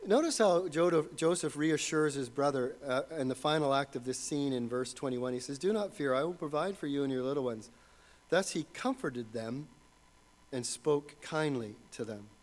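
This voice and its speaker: A man's voice: medium pitch, moderate pace. A man preaching a sermon as pastor, earnest and building to fervent emphasis.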